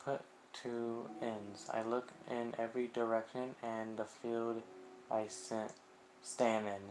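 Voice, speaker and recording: A man streaming a visual novel game, reading the narration aloud and reacting live, unhurried and quick to swear when surprised. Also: medium pitch, little pitch movement, noisy background.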